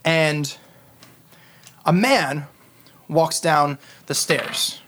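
Male game master, fairly high voice, unhurried scene-setting narration. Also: a bit bright. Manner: descriptive, unhurried, many fillers.

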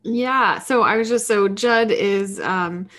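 A woman co-hosting a podcast, chatting casually about films in an animated, ranting way. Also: mid-range voice. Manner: animated, ranting, quick asides and laughs. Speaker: podcast co-host. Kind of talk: casual movie chat.

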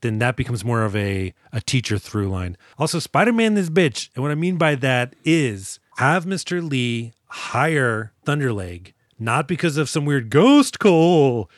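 A man co-hosting a casual movie podcast, animated and profane, sometimes putting on voices for film characters. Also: mid-range voice, normal speed, no room sound, clean studio sound. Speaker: podcast co-host.

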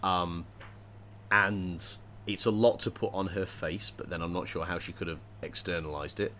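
A man with a very deep voice and a bright, forceful edge, talking things over in a relaxed discussion. He thinks aloud, pausing and restarting often. A faint hum sits behind him. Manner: thoughtful, hesitant, many restarts and fillers. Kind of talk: casual discussion.

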